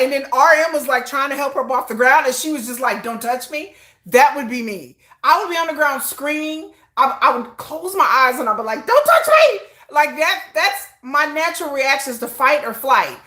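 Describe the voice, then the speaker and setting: A woman hosting a casual livestream, telling stories with lots of laughter and acted-out quotes. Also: a little high. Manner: animated storytelling, acts out quotes, laughs often; self-described shy introvert. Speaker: livestream host. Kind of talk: casual chat.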